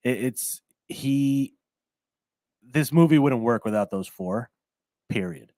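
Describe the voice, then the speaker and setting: A man's voice: medium pitch, expressive, slow pace, a little mellow, no room sound. A young man hosting a casual chat, rambling and repeating words. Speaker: podcast host.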